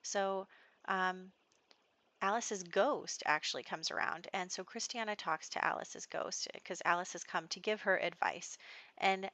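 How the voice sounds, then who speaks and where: A woman's voice: fairly low pitch, measured pace, pushed and bright. A woman casually narrating her life-sim game story in a chatty, giggly way, full of "you know" and "like". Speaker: Sims let's play host.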